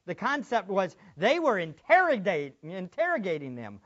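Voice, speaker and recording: Male pastor, sermon delivery, swings between hushed asides and loud emphasis, slightly dull recording. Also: high voice, wildly swooping pitch, normal speed, few pauses.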